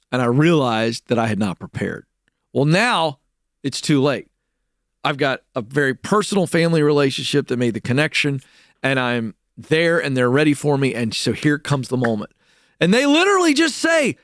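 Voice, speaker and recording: Storyteller, male, high-pitched, animated, plays out other voices, dry recording. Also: normal speed, no room sound. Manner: lively, acts out voices, repeats words when excited. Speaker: speaker telling a story to an audience.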